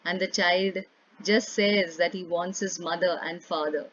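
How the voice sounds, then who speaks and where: A woman's voice: fairly low pitch, steady tone, unhurried, a bit bright, no room sound. Woman teacher reading a story aloud. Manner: reads expressively, then paraphrases in simple words with fillers. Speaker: English teacher. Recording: dull lo-fi recording.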